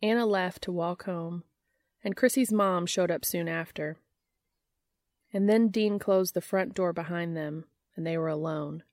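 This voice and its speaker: Low-voiced woman reading a story. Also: a little slow, darkish tone, dry recording, clean studio sound. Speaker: narrator. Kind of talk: audiobook reading.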